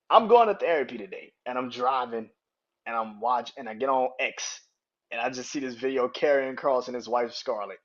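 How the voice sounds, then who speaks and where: Hosting his own wrestling podcast, this man gives casual, profane commentary, breaking into hard laughter and performing the quotes he repeats. His mid-range voice has lively intonation at a normal speed, though the audio is dull.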